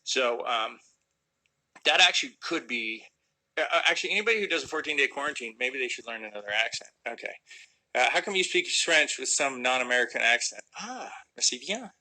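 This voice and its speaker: A man's voice: mid-range voice, expressive, brisk, sharp tone, poor audio. A man casually answering viewer questions on a livestream, rambling and joking, sometimes trailing off into mumbles. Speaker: actor answering fan questions.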